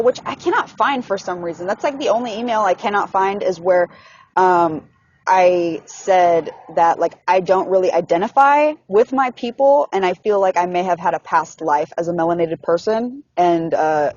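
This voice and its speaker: A woman's voice: on the high side, dull audio, slight background noise. A young woman venting in a casual, frustrated monologue, swearing often and filling her talk with "like". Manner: frustrated, profane, heavy use of "like". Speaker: person venting in a voice message.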